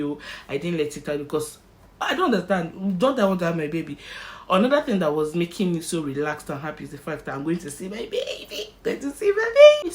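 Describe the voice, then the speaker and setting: A young Nigerian woman with a Nigerian accent, telling a personal story in an animated storytime vlog and slipping into Pidgin. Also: low-pitched. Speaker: vlogger.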